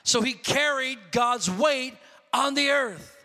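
A pastor preaches with fervor, his voice striking for a man in how high it sits. His tone is bright and forceful, often climbing into shouts. It rings out with the long reverb of a large hall. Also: takes it slowly. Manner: impassioned preaching, rising to shouts. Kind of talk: sermon.

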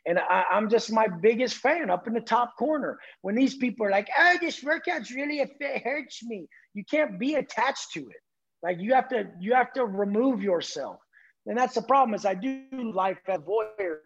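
A man's voice: sits high, expressive, moderate pace, slightly rough, lo-fi sound. A man guest on a podcast giving an intense, blunt, profane motivational talk.

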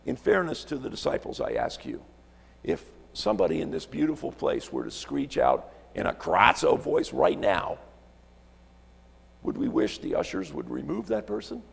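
A man's voice: low-pitched, wildly swooping pitch, moderate pace, gravelly, breathy edge, long reverb tail. A man preaching a sermon as a visiting pastor from Alaska, telling stories, repeating words and asking rhetorical questions in a church sanctuary.

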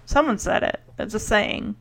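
A woman's voice: medium pitch, lively intonation, creaky, fairly bright tone. A woman casually recapping a TV episode, chatty and enthusiastic, often saying "like" and briefly acting out the characters' lines. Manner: chatty, enthusiastic, heavy use of "like"; acts out characters' lines in quick asides.

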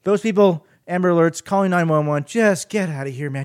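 A man hosting his own podcast in a solo rant, with a lively, swinging delivery. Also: fairly quick, hardly any pauses, smooth, no room sound, studio quality. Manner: animated ranting, swings up and down in pitch. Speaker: podcast host.

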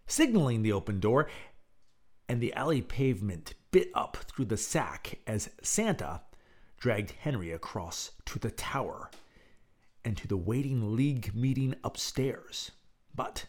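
A man hosts his own show and reads out a story he wrote. He talks in a relaxed, chatty way, with a lively voice that rises and falls a lot in pitch. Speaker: podcast host and storyteller. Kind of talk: casual chat and audio story narration.

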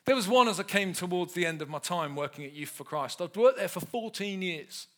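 A man's voice: sits high, animated, brisk, sharp tone. A man in his thirties preaching a humorous sermon, telling stories with self-mocking humour.

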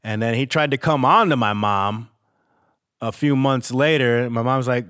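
A man's voice: mid-range voice, moderate pace, fairly bright tone, smooth. A man hosting a podcast, talking in a candid, rambling, emotional monologue and swearing freely. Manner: emotional and reflective. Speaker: podcast host. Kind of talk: casual spoken monologue.

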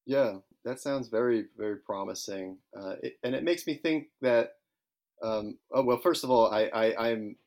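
A man hosting a film podcast, chatting casually with halting, restarting speech. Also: mid-range voice, a little mellow. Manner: halting, frequent restarts and hesitations. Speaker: podcast host.

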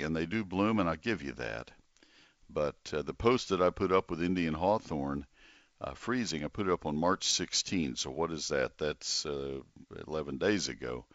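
An older man hosting a call-in garden radio show, chatty and folksy with lively exclamations. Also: a bass voice, no room sound, lo-fi sound. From Texas.

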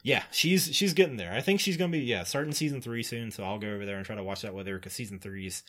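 A podcast co-host rambling casually through a TV plot, packing his talk with "like" and quick laughs. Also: on the low side, a bit bright. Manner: rambling, filler-heavy retelling with frequent "like" and laughs. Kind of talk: casual chat.

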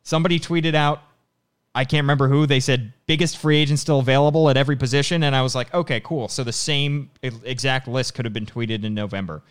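Male podcast co-host, brisk and rambling, clean resonant tone. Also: medium pitch, smooth. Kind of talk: casual sports podcast chat.

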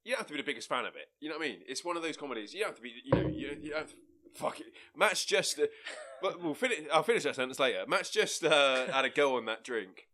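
A man's voice: a little high, lively intonation, fast talker, pushed and bright. A man co-hosting a podcast, chatting casually in a rambling, sweary way. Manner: rambling, sweary, restarts sentences. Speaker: podcast co-host. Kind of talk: casual chat.

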